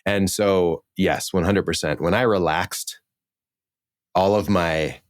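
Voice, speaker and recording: A man's voice: deep voice, no room sound, clean studio sound. A man from New Orleans, a relationship coach, talking earnestly and emphatically as a podcast guest, swearing freely. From New Orleans, Louisiana. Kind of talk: podcast interview.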